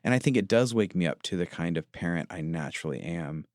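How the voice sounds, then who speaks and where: A man with a low voice talks earnestly in a reflective podcast chat, often pausing to find his words. The sound is dry and close, with almost no room around it. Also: lively intonation, no echo. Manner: earnest, confessional, searching for words. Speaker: podcast co-host.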